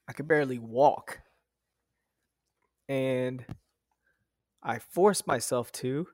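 Man, 30s, podcast guest; emotional, profane storyteller, middle pitch, dry close mic. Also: slow, pauses often, a little mellow, no echo. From United States. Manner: emotional, profane, many fillers and restarts. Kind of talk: casual storytelling.

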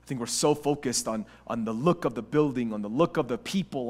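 In a brisk, mid-range voice with few pauses, a male pastor delivers a sermon. He swings from quiet reflection to impassioned passages that are nearly shouted, often repeating and restarting phrases.

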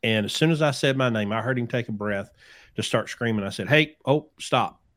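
A man's voice: fairly low pitch, fairly quick, a bit bright. A man hosting a podcast, telling stories in a casual chat and acting out the people he quotes. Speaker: podcast host, trucking business owner.

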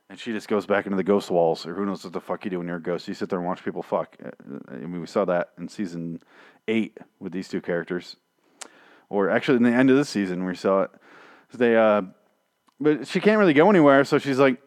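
A man's voice: on the low side, lively intonation, fast talker, no echo. A man reviewing a TV show in a rambling, profane, sarcastic casual rant.

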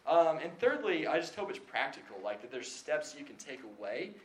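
A man's voice: on the high side, sing-song, fairly quick. Chatty self-deprecating young man preaching. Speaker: speaker at a Christian gathering. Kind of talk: casual sermon talk. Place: hall before a live audience. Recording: echoey room, faint background noise.

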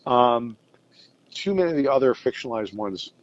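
A man's voice: mid-range voice, animated, normal speed, highs cut off. A middle-aged man talking casually as an interview guest about music, thoughtful and hesitant, with many fillers and restarts. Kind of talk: casual interview over a call.

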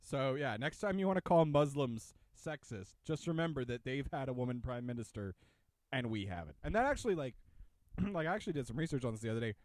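A man's voice: mid-range voice, fast talker, dry recording. Joking young man, dry close sound. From Irish heritage. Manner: joking, rambling, animated asides. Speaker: podcast co-host. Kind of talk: casual chat.

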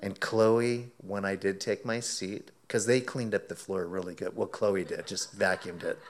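A man preaching, telling a lively anecdote as a sermon illustration and acting out his own quoted words, often laughing. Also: sits low, a little slow. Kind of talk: sermon illustration told as a story.

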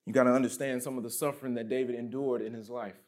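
Speaking quickly in a steady, slightly mellow tone, a man preaches as a pastor. He reads scripture aloud and underlines key points with emphatic dips in pitch and loudness.

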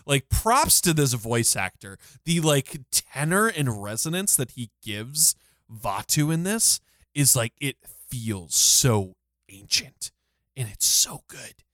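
A man's voice: mid-range voice, sing-song, slow, fairly bright tone, no room sound. A man co-hosting a podcast, retelling a scene in close detail with enthusiasm. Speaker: podcast co-host. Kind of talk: casual recap discussion.

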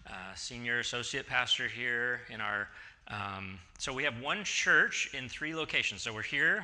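Bright-voiced pastor telling stories casually. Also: male voice, mid-range voice. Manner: chatty storytelling, acting out dialogue. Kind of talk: casual conversational sermon. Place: church sanctuary.

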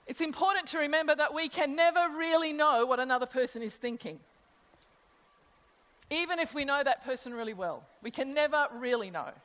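A woman's voice: high-pitched, lively intonation, a little fast, a bit bright. A middle-aged woman preaching a sermon in a conversational way, asking her listeners rhetorical questions. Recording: long hall reverb.

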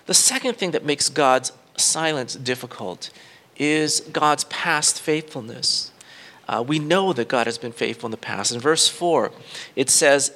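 A man's voice: on the high side, measured pace, a bit bright. A male pastor reading scripture and then preaching an earnest sermon, with frequent fillers and restarts.

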